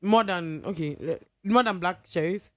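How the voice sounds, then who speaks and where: A woman's voice: on the low side, normal speed. A woman hosting a radio entertainment show. She cuts in with short prompts and challenges to her guest. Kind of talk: radio talk-show conversation. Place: radio studio.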